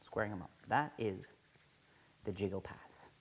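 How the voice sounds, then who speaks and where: A man with a fairly low voice teaching card sleights in a casual video tutorial. He talks in an enthusiastic, conversational way, restarting phrases as he goes. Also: unhurried, heavy background noise. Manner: enthusiastic, conversational, self-correcting.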